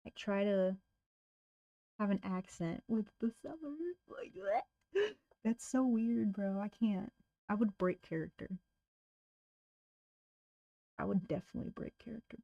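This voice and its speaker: Woman, casual livestream chat, cold caller, slangy, mellow tone. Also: medium pitch, lively intonation, normal speed, vocal fry, no room sound, lo-fi sound. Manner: blunt, slangy, talks to herself. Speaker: real estate cold caller. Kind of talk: casual livestream chat while making calls.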